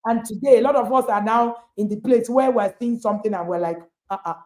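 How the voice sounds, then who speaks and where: Over a video call with a noisy background, a parenting coach hosts a motivational talk in a voice that's a little high and a little fast. She speaks emphatically, posing rhetorical questions to her listeners.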